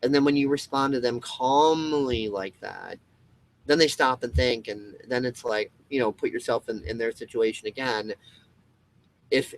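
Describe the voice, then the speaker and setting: Brief: male host, loose casual monologue, rambling and full of restarts, swears a lot, acts out quoted people, mid-range pitch. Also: a little hiss or hum, rough recording. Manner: swears freely. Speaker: video host.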